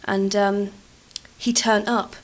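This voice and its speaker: A woman doing a deadpan, scheming uncle. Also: high-pitched, takes it slowly. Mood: mock-solemn. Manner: mock-solemn, deadpan. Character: scheming middle-aged uncle playing it sad.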